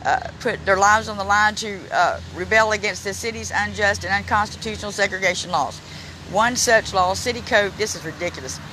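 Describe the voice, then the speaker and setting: Filming on a handheld phone in a city park, a man gives a casual walking-tour vlog, haltingly reading signs aloud with stumbles and restarts. He's emotional and close to tears. His voice is high-pitched, pushed and bright, and the poor audio carries a little hiss or hum.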